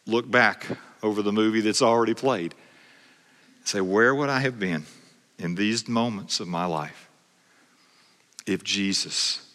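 A male pastor preaching a sermon in an earnest way, often repeating words and dropping low at the ends of his lines. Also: bright, forceful tone, long reverb tail.

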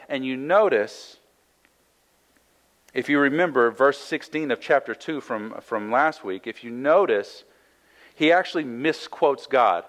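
Guy preaching a bible study sermon, chatty, keeps asking right?, mid pitch. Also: a bit bright, rough recording. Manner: conversational, frequent "right?" asides and restarts; reads scripture aloud then explains it. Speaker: pastor.

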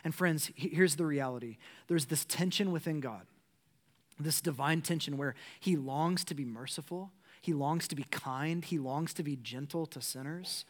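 A man preaching a sermon, earnest and conversational, building to urgent emphasis and then dropping soft. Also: on the high side, normal speed. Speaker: pastor.

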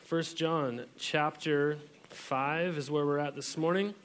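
A man's voice: on the high side, fairly even intonation, takes it slowly, fairly bright tone, clean tone. A man in his thirties, a pastor giving a sermon in a church, talking in a casual, chatty way with many fillers.

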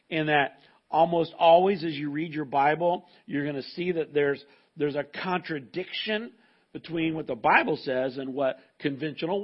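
A male pastor preaches to his church in a conversational, emphatic way, often restarting his sentences. His voice is husky and pitched a little high. The recording is dull and muffled. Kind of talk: sermon. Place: church service with a live congregation.

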